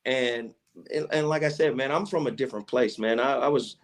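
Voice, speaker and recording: Profane, animated storyteller man. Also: medium pitch, brisk. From Chattanooga, Tennessee, USA. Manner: animated storyteller who acts out quoted dialogue, with slangy profanity. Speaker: radio personality and podcast guest. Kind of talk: casual storytelling interview.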